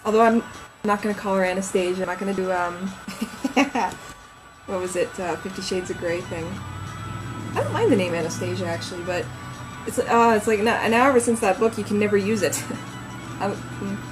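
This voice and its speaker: A woman's voice: medium pitch, normal speed, pauses often, music in the background, poor audio. A woman novelist chatting on a casual livestream from home, rambling and reading names aloud as she thinks.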